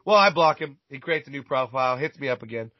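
With lively intonation and a fast pace, a medium-pitched male voice spins a rambling, foul-mouthed story in casual chat, tripping over repeated words. The recording is dull, lo-fi and dry.

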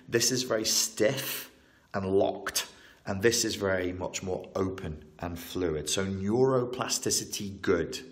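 A man, a therapist who works with trauma, explaining ideas in an interview in an animated, emphatic way, often repeating and correcting himself. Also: lowish voice.

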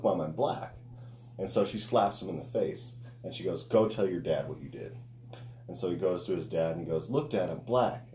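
A man's voice: low voice, mellow, echoey room, a little hiss or hum. A man co-hosting a podcast, chatting loosely and swearing as he retells a joke. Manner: loose, profane storytelling with laughter. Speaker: podcast co-host. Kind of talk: casual podcast chat.

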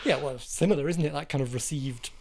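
A man with a somewhat high, creaky voice co-hosts a casual film podcast, with a crowd audible in the background. He reads out quiz questions to his co-host and teases him with quick asides.

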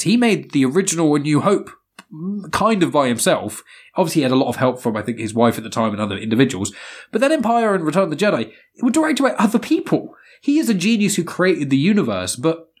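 A man hosting a casual podcast chat, rambling and animated, laughing often and swearing freely. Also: medium pitch, husky. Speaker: podcast host.

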